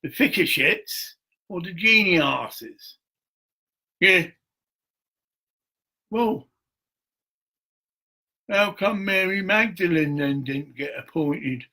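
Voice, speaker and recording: Husky, profane man rambling slowly. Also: high-pitched, animated, pushed and bright. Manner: crude, profane, laughs often. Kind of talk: rambling monologue.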